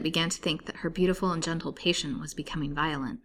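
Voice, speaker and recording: A woman storyteller reading a novel chapter aloud in a steady, measured way. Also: deep voice.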